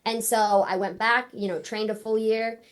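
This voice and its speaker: A woman in her thirties, a guest on a podcast, telling her story in casual, animated talk and acting out what people said. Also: on the high side, moderate pace. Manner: animated storyteller, acts out quotes. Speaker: podcast guest, former ninja competitor and wrestler.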